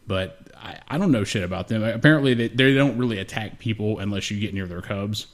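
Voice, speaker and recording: A young man with a lowish voice tells long, meandering stories on a casual podcast. He talks loosely and swears constantly. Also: a little fast. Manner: profane, rambling storyteller. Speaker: podcast co-host. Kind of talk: casual chat.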